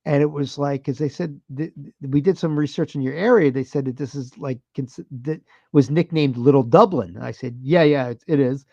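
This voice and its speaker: A man in his thirties, a podcast co-host, telling a story in a profane, animated, casual way. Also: on the high side, normal speed, few pauses, no echo, dull audio.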